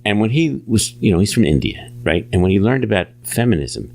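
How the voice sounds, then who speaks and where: A low-voiced man who rambles through a casual interview, his pitch rising and falling a lot. He restarts sentences often and presses his points hard. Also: very animated, a little fast, gravelly, a little mellow. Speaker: author guest.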